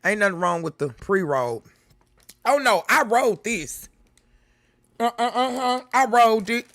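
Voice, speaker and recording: A woman's voice: medium pitch, fairly bright tone, no echo, clean studio sound. A middle-aged woman hosting a live reaction stream, chatting casually with viewers and reading the chat aloud, laughing often. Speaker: livestream reaction host.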